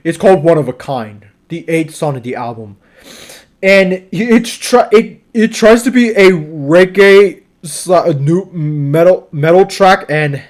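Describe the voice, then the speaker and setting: A man's voice: fairly high pitch, a little slow. A young man giving a casual album review, exasperated and rambling, full of restarts and swearing.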